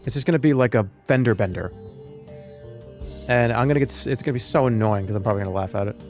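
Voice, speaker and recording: A man's voice: medium pitch, quick pace, darkish tone, faint music behind. A man streaming a video game, chatting loosely with his audience in a rambling, joking way. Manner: rambling, jokey, talks to chat. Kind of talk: live gaming commentary.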